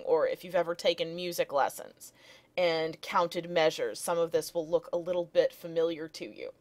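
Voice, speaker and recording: A woman teacher narrating lecture slides, explaining steadily and reading poem lines aloud. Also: on the low side.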